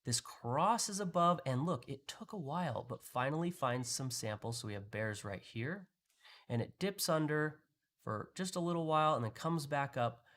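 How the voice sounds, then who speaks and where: A man's voice: a little high, lively intonation, moderate pace, fairly bright tone. A man hosting a live market analysis, talking through charts in a conversational way with frequent restarts. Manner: conversational, explaining with pointing phrases and restarts. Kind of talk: live trading chart walkthrough.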